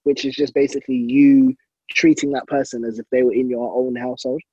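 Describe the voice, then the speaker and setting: A man's voice: medium pitch, little pitch movement, fairly quick, warm tone, slightly rough, no room sound, lo-fi sound. A young man talking casually with friends, giggly and rambling. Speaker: podcast co-host. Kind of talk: casual chat among friends.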